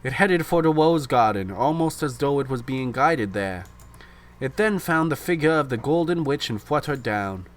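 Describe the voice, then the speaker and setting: A man's voice: medium pitch, expressive, normal speed. Young man reading a story aloud. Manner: laughs easily, self-deprecating. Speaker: podcast host, reader. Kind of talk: reading a visual novel aloud.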